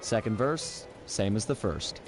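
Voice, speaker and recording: A laid-back male thief from a video game, going undercover as a guard. He speaks in a relaxed, easygoing way with a fairly low voice. Faint game music sits behind him. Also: measured pace. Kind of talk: video game cutscene dialogue.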